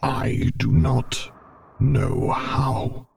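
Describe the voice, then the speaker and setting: A man's voice: mid-range voice, steady tone, extremely slow, gravelly, a little mellow, a little hiss or hum, pitched above the performer's own voice, heavily acted. A male narrator voicing a grieving masked warlord in a shivering whisper. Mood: shaken.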